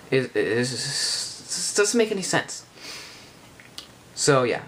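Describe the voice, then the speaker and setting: A man giving a casual spoken game review, rambling and halting with many restarts. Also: medium pitch, very animated, fairly bright tone, slight background noise.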